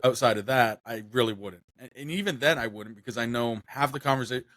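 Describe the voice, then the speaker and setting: A man's voice: mid-range voice, fairly quick, a bit bright, dry recording, studio quality. A young man chatting casually on a podcast, rambling with lots of fillers and restarts. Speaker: podcast co-host.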